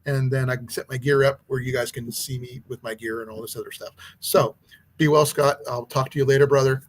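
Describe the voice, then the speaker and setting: A man hosting an outdoors channel who teaches archery, talking in a casual, rambling livestream chat with a hoarse, husky voice. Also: medium pitch, fairly even intonation, a little fast. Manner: rambling, chatty, with many restarts.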